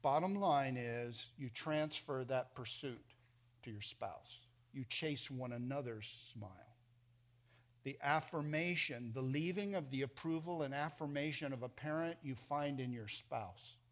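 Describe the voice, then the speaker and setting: A middle-aged man preaching a sermon in a church, emphatic, swinging between loud and soft. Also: mid-range voice, unhurried. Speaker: pastor.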